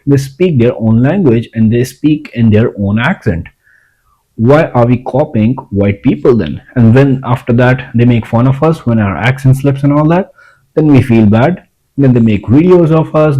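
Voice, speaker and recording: Blunt, rambling man with a dark voice. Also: mid-range voice, poor audio. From India. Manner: rambling, blunt, swears freely. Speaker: self-help vlogger. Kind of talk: casual advice monologue.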